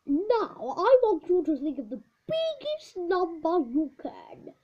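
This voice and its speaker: A woman voicing an old male maths teacher who lectures loudly and gets irritated easily. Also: very animated, slow, heavily acted. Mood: lecturing. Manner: loud, lecturing, rising pitch. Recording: dull lo-fi recording.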